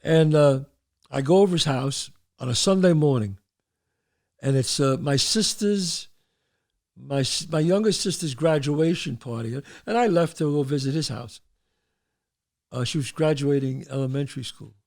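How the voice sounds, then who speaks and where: A man from the Bronx, hosting a show and telling stories, animated and acting out voices. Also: on the high side, moderate pace. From the Bronx, New York. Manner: animated, acts out voices, trails off mid-sentence. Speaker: host. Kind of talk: storytelling.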